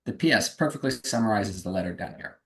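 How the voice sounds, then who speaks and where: A man's voice: lowish voice, animated, quick pace, vocal fry, reverberant. A man giving a webinar presentation on fundraising, speaking energetically and emphatically over a video call.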